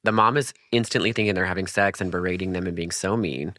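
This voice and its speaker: A woman with a strikingly deep, low voice co-hosts a podcast, retelling a film in loose, profane chat. She slips into mock voices for the characters as she goes. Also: fast talker, a bit bright, no room sound, studio quality. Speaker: podcast co-host. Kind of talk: casual movie recap chat.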